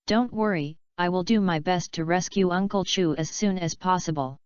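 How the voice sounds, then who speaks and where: A calm, courteous young detective explaining a case, as a woman narrator reads him. Her voice stays low-ish and very smooth, with no change for the man. The sound is dry and a little muffled. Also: normal speed, no room sound, natural voice.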